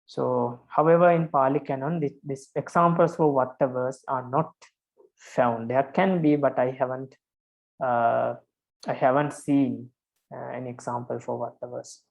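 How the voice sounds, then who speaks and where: Patient monk teaching with a gravelly voice. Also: male voice, mid-range voice, steady tone, measured pace, poor audio. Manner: patient, counts syllables aloud, frequent fillers and repeats. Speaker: Pali teacher. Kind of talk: online lesson on verse meter.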